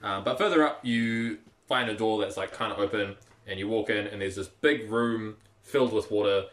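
A man's voice: lowish voice, normal speed, fairly bright tone. A man narrating a tabletop game as game master in a loose, chatty way with many fillers.

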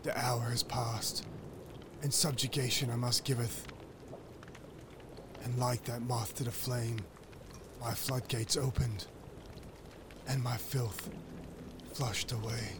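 A man playing a devout wizard narrating his tale in a solemn, mock-epic way, at times shouting proclamations. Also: mid-range voice, fairly even intonation, takes it slowly, long pauses, background noise, natural voice. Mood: brooding. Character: wizard narrator, devout, obsessive, later frenzied. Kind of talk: first-person dramatic storytelling.

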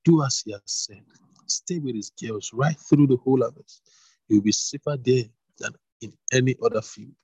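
A man voicing an eager older widow giving her daughter-in-law advice in a read-aloud Bible story, with a husky voice. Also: medium pitch, normal speed, a little mellow, no echo, lightly acted, low-quality recording. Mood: excited.

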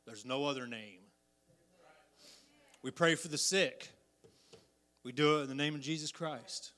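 A man delivers an animated country sermon in an unhurried drawl, his voice a little high for a man. He turns low and quiet for scripture, then erupts loudly while acting out roars and bully voices, swinging from soft to shouting.

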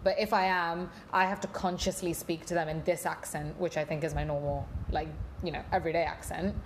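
A woman's voice: sits low, steady tone, a little fast, slight background noise. A young woman co-hosting a podcast, talking candidly with frequent laughs and a self-deprecating manner. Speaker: podcast co-host. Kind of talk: casual podcast chat.

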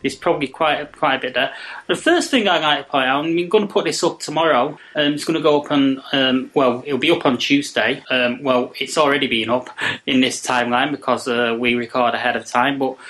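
A man's voice: medium pitch, steady tone, brisk, a bit bright. A man hosting a podcast in casual chat, rambling and hesitant, with lots of ums and uhs. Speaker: podcast host.

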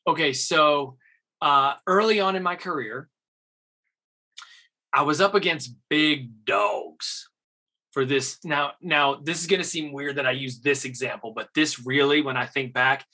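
A man's voice: mid-range voice, unhurried, pushed and bright. A man, an actor and interview guest, telling stories casually and animatedly, laughing and acting out quotes.

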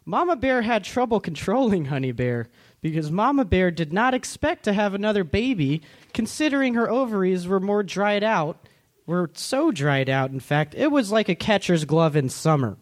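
A man, a comedian, reading a comic story in a deadpan storybook manner at a comedy club. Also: high-pitched, moderate pace.

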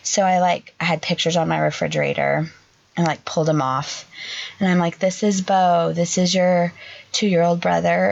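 A young adult woman, a podcast co-host, tells an emotional personal story in a halting way, full of "like" fillers. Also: fairly low pitch, little pitch movement, vocal fry. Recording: dull lo-fi sound.

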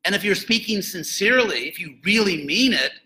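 A man's voice: high-pitched, expressive, brisk, bright, forceful tone, low-quality recording. A man giving an informal lecture on philosophy and religion, digressive and jokey, with frequent asides.

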